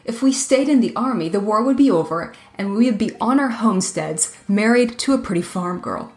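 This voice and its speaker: A woman voicing a frightened young soldier who speaks loudly and rudely in a storybook reading. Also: medium pitch, expressive, fairly quick, natural voice. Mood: fretful.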